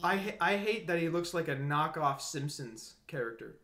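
A man's voice: fairly high pitch, expressive, normal speed, pushed and bright, roomy sound, slight background noise. A man playing a video game with a friend, joking, laughing often and reading game lines in silly voices. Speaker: guest co-player. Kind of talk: casual let's-play banter.

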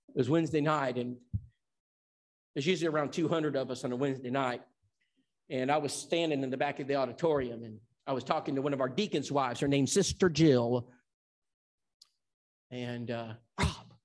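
A man's voice: mid-range voice, moderate pace, long pauses, darkish tone. A man from Tennessee who teaches an evangelism seminar. He preaches in an emphatic storytelling style and acts out the dialogue. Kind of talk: sermon.

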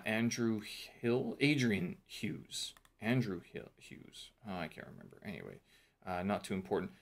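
A man's voice: fairly low pitch, fairly bright tone. A man casually talking through his course notes in a vlog, thinking aloud with fillers and self-corrections. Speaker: vlogger reviewing a teacher training course.

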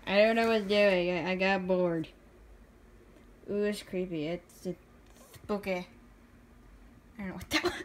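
Showing her drawings in a casual, rambling chat, a young woman speaks at a measured pace with a steady tone and long pauses in her medium-pitched voice. She giggles frequently and is self-deprecating. Slight background noise can be heard.

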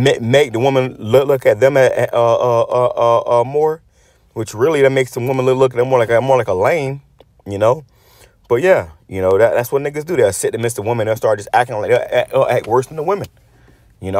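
Man, mid-pitch, preaching rant with heavy swearing, stutters and repeats words as he restarts, dry close sound. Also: a little mellow, dry recording. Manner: profane, blunt, repeats words while restarting; reads scripture aloud then comments on it. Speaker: religious channel host.

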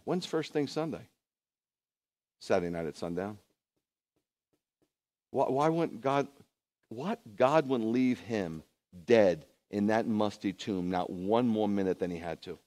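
A man, a rabbi, preaching a lively sermon full of rhetorical questions and conversational asides. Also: lowish voice.

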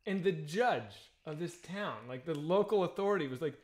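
A man co-hosting a casual streamed podcast, telling a long story in an animated way, full of fillers and swearing. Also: a little high, normal speed. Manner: animated, lots of fillers and laughs, swears freely. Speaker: podcast co-host.

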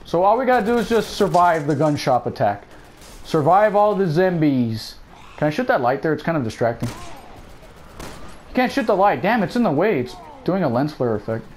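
High, lively man joking through gameplay. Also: brisk, a little hiss or hum, rough recording. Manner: joking, sarcastic running commentary. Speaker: gameplay commentator. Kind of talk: let's play commentary.

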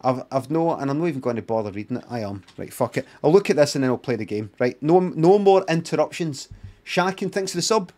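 A man's voice: mid-range voice, animated, quick pace, a little mellow. A man with a Scottish accent chatting, muttering and swearing through his live-stream commentary.

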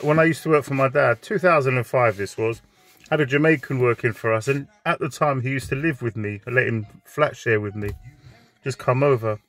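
A man's voice: mid-range voice, fairly quick, fairly bright tone. A man telling a crude comic story in a chatty, joking way.

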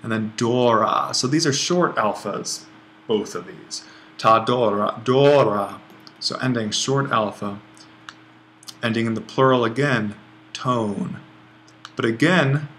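A man teaching a grammar lesson over a screencast, relaxed and thinking aloud as he writes, often correcting himself. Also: lowish voice, slight background noise. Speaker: Greek language instructor.

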